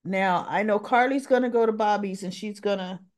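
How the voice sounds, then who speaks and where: A woman's voice: medium pitch, normal speed. A woman vlogger casually retelling a TV episode, chatty and talking to herself as she searches her files. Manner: chatty, talks to herself while looking for files. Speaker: soap opera recap vlogger.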